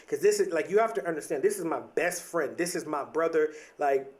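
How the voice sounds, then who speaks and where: A podcast host with a higher male voice gives a reflective, motivational monologue in an earnest manner. His speech is full of repeated words and restarts, peppered with "like" and "right?"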